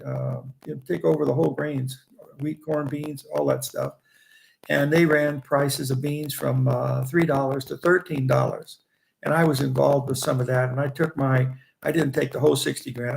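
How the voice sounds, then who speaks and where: An older man in his eighties, originally from Indiana, recounts his early trading days in a loose, anecdotal way, often restarting phrases and chuckling as he goes. His voice is deeply gravelly and crackly, sitting a little high for a man. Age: 80s. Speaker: guest, veteran trader. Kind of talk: rambling anecdotal storytelling.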